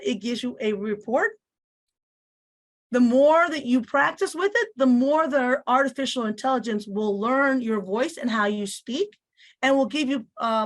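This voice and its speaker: A woman teacher with a Spanish accent and a slight lisp, explaining a software tool step by step. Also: fairly high pitch. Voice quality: slight lisp on some words. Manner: explanatory, repeats phrases, voices on-screen prompts. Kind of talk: instructional screen-share walkthrough.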